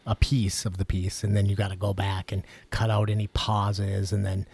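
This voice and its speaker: A man's voice: fairly low pitch, completely flat delivery, normal speed, gravelly, hardly any pauses, darkish tone, husky. A man co-hosting a podcast in casual chat, chatty and asking questions. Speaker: podcast co-host.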